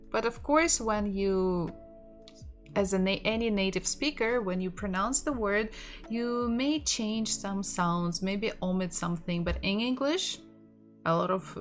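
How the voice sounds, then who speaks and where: Slow, patient Russian-accented woman teacher. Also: mid-range voice. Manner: patient, explains slowly, laughs softly now and then. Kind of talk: online language lesson. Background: soft lo-fi music.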